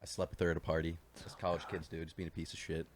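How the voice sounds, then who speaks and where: Fast-talking deep-voiced young man. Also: level tone, a little hiss or hum. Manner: rapid, blunt, self-deprecating, swears a lot. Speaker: podcast guest. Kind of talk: casual storytelling.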